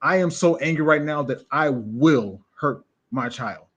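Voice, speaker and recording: Man, show host, casual commentary, animated delivery, fairly high-pitched voice. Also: unhurried, slightly rough, lo-fi sound. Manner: animated, reads out viewer comments.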